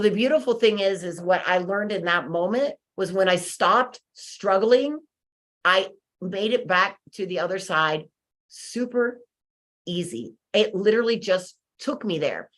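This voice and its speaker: A woman hosting a webinar, telling a personal story in a conversational, animated way, with fillers and restarts, acting out her own frustration. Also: medium pitch. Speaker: webinar host. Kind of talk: motivational storytelling talk.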